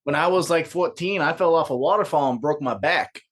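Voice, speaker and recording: A man throwing crude jokes and quick interjections into casual podcast banter. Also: on the high side.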